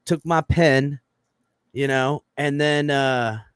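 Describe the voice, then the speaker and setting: A man's voice: mid-range voice, fairly even intonation, slow pace, clear, resonant tone, dry recording, clean studio sound. A man telling a long story in casual podcast chat, profane and full of fillers, acting out quoted lines in a raised voice.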